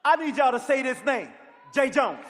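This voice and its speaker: A rousing man with a high voice leads a crowd in call-and-response, shouting his lines. His voice rings through a big echoey hall. A loud crowd roars behind him over steady background noise. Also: moderate pace. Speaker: rally speaker. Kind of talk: campaign rally speech. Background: cheering crowd.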